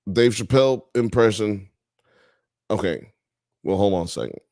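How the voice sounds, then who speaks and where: A man's voice: fairly low pitch, moderate pace, a little mellow, no echo, clean studio sound. A man from the US South and Midwest hosting a live show, casually reading chat comments aloud and riffing on them. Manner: laid-back, reads chat comments aloud and riffs on them.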